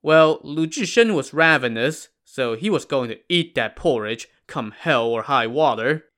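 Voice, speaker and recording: Male storyteller, mid-range voice, even and measured, wry asides. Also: medium pitch. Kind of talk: narrating a classic novel retelling.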